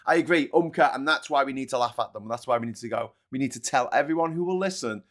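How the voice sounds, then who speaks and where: A man's voice: mid-range voice, quick pace, a bit bright. A man hosting a live political commentary stream, sarcastic and profane, slipping into mocking voices. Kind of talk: sweary live-stream rant.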